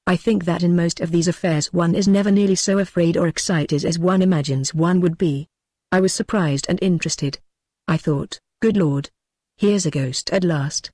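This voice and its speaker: A man's voice: high-pitched, steady tone, moderate pace, darkish tone, no room sound, studio quality. A man voicing an earnest clubman telling a ghost tale. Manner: earnest, confiding storytelling. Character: earnest gentleman telling of his ghost encounter.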